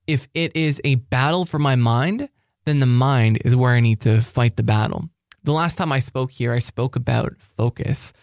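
An energetic man gives a sermon-style talk to high school students, pressing his points with emphatic repetition. His voice sits at a middle pitch. The sound is close and dry, with no room echo. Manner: energetic, emphatic, repeats key phrases.

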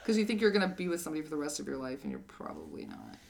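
A woman's voice: deep voice, wildly swooping pitch, racing, creaky, darkish tone, a little hiss or hum. A woman, probably in her thirties, co-hosting a podcast and telling a dating story with many fillers and acted quotes. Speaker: podcast co-host. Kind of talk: casual chat.

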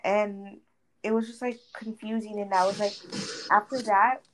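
Over a gaming session, a young woman at a medium pitch and moderate pace tells her friend a dramatic story. She gossips with real animation, leaning heavily on "like" and swearing often, with faint noise in the background.

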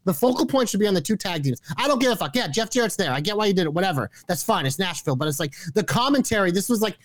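A man's voice: high voice, lively intonation, no room sound. A man co-hosting a wrestling podcast, talking in a heated, profane, argumentative way. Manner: profane, argumentative, fast rants. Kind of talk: heated casual chat.

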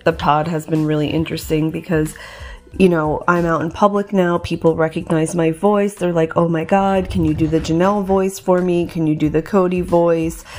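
Low-voiced chatty woman podcast host. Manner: chatty, many fillers and restarts. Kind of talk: casual chat.

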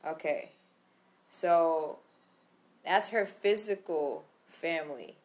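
A woman with a slightly low voice talks on a podcast in a casual, emphatic way. She swears freely and leans into her points as she spells out a made-up example. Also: expressive, takes it slowly, darkish tone. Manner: profane, emphatic, talks through hypotheticals. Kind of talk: casual explaining chat.

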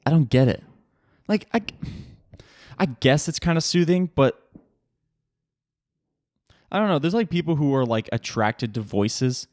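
A man's voice: a little high, lively intonation, measured pace, pauses often, darkish tone, dry recording, studio quality. A young man hosting a casual solo podcast, rambling with swearing and frequent laughter, recorded at home on a podcast mic. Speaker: podcast host. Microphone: podcast microphone.

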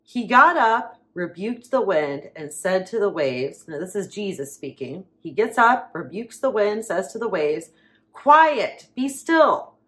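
A woman preaching, reading Bible verses aloud with slow emphasis and dramatic pauses. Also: lowish voice, lively intonation, a bit bright.

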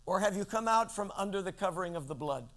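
Man, high-pitched voice, preaching a sermon, from Central California, dramatic rises and drops, asks listeners questions. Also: expressive. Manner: dramatic shifts in pitch and loudness, slows for emphasis; addresses listeners directly with questions. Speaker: pastor.

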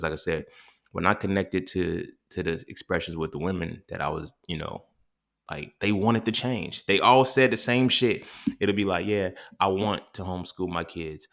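A man's voice: deep voice, fairly even intonation, a little fast, vocal fry, fairly bright tone. A man, hosting a podcast and musing in a casual, profane, rambling monologue full of restarts. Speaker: podcast host. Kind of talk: impromptu monologue.

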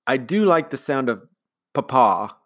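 A man voicing a polite, mournful, well-to-do widower in a storybook read-aloud, with formal, gentle speech. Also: medium pitch, big pitch swings, unhurried, pitched above the performer's own voice.

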